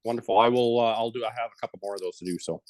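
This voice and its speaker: A middle-aged man leads a calm breathing exercise, then tells his story frankly and casually, sometimes swearing. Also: mid-range voice, racing. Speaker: retired police officer and yoga teacher, guest speaker. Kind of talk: guided breathing, then candid personal story.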